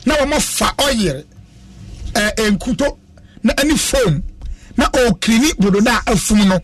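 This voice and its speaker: A man's voice: very high-pitched, lively intonation, unhurried, breathy edge, no echo. A man hosting a casual radio chat, joking and preaching in turn and switching languages as he talks.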